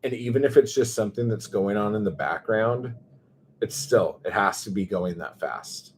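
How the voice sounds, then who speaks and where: A man with a Californian accent chatting casually on a livestream, drawing his words out slowly, swearing freely and rambling as he reads chat aloud. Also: fairly low pitch, slight background noise. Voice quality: slow, drawn-out surfer-dude drawl.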